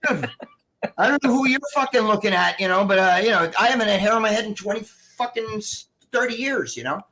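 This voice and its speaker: A man's voice: sits high, animated, fast talker, sharp tone. A middle-aged man chatting on a live stream, ranting in a heated, rambling way with lots of swearing. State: recovering from surgery. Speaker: guest. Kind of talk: casual live-stream chat.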